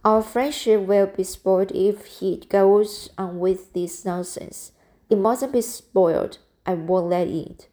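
A woman voicing an earnest, gently scolding young woman in an amateur audiobook reading, in a soft, earnest manner. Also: mid-range voice, takes it slowly, lightly acted.

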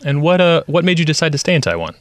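A man's voice: fairly high pitch, sing-song, rapid-fire. A man hosting a casual radio interview, friendly and upbeat, asking questions with light jokes.

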